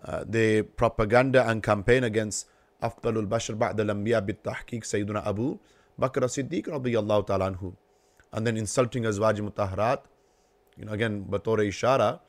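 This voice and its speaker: Hesitant lower-voiced male guest. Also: steady tone, fast talker, no echo. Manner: hesitant, hedging with fillers. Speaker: podcast guest, religious teacher. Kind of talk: casual podcast discussion.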